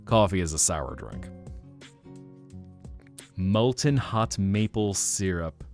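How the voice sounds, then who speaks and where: A man hosting a relaxed live stream, chatting with viewers in a soft-spoken, musing way. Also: low-pitched, slow pace, soft background music. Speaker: livestream host.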